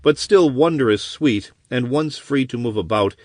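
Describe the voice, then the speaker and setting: A man's voice: medium pitch, expressive, measured pace, no echo, clean studio sound. A man narrating an audiobook expressively in a storytelling manner. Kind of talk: scripted narration.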